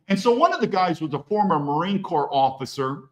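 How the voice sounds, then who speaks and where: A man as a podcast guest telling stories in an animated, blunt and profane way. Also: fairly high pitch, a little fast, hardly any pauses, low-quality recording. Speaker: podcast guest, former federal agent. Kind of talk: animated conversational storytelling.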